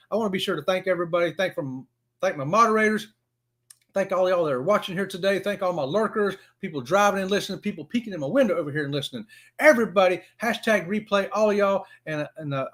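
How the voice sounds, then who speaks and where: A man in his fifties with a Southern US accent, hosting a casual live stream and greeting viewers by name in a folksy, excitable way. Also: high-pitched, fast. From Florida.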